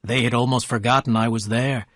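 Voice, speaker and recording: A man's voice: medium pitch, fairly even intonation, brisk, fairly bright tone, no echo, clean studio sound. Man narrating a storybook for learners.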